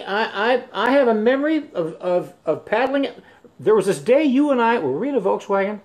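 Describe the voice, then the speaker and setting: A man's voice: high-pitched, big pitch swings, dull audio. Older man telling rambling stories. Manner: halting, full of restarts and fillers. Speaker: musician hosting a live stream. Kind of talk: rambling storytelling between songs.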